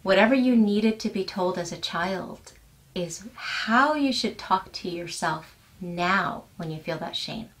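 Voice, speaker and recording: A young adult woman life coach giving a self-help lesson to camera in a gentle, earnest, measured way. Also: mid-range voice.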